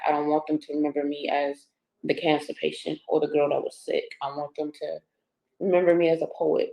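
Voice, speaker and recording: Give me a woman guest who speaks in a flat, even tone, soft and halting, with the emotion close to the surface. Her voice sounds roomy and echoey, as if she is a few feet from the mic. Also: low-pitched. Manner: soft, halting, with many pauses. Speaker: poet and activist guest. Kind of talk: interview answers.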